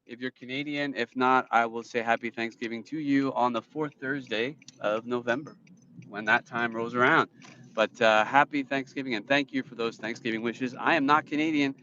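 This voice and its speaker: A man's voice: mid-range voice, steady tone, normal speed, bright, forceful tone, slight background noise. A man with a New Jersey accent chatting casually on a live stream while he drives, rambling as he answers viewer comments. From New Jersey, USA. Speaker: livestream host. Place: inside a car while driving. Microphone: phone in a dashboard stand. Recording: dull lo-fi phone audio in a dry car.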